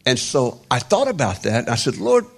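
A man in his sixties preaching an informal sermon, rambling and halting with many restarts and wry self-deprecating humor. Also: mid-range voice, sing-song, a bit bright, breathy edge. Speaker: pastor.

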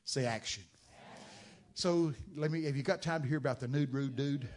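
A man preaching a sermon, telling Bible stories with dramatic shouted outbursts. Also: mid-range voice, normal speed. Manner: dramatic storytelling, bursts into loud shouted quotes.

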